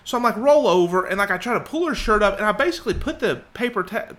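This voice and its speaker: Animated man telling a story. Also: sits high, fast. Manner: animated, acts out quoted voices. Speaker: podcast co-host. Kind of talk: casual storytelling.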